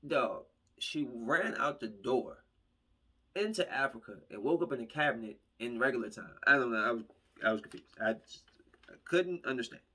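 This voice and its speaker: Man, husky voice, mid-range pitch, casual podcast movie review, rambling plot retelling, acts out quotes. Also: lively intonation, normal speed, sharp tone. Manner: rambling, acts out characters' lines while retelling.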